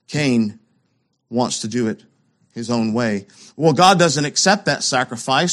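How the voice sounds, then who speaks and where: A man delivers a sermon, posing rhetorical questions and swinging between loud emphasis and hushed lows.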